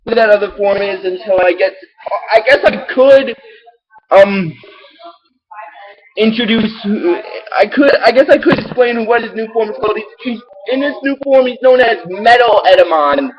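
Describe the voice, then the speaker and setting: A man hosting his own show, rambling through an excitable recap with many restarts. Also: high voice, normal speed, lo-fi sound. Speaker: show host recapping episodes.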